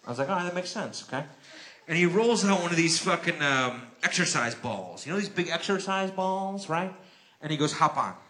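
A man doing a stand-up routine, telling a story in a profane way with quick acted-out dialogue. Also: on the high side, lively intonation, bright, forceful tone. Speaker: stand-up comedian.

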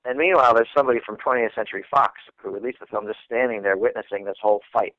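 A man, a guest comedian, telling a story in casual, animated talk, swearing freely and acting out the people in it. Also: fairly low pitch, rapid-fire, no echo, narrow, tinny audio.

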